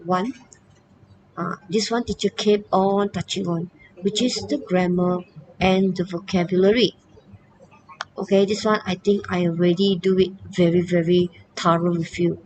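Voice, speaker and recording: A woman's voice: on the low side, steady tone, a little slow, darkish tone, a little hiss or hum, low-quality recording. A woman, a teacher giving an online lesson, who keeps saying "okay" and "all right" and calls herself "teacher". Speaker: English teacher.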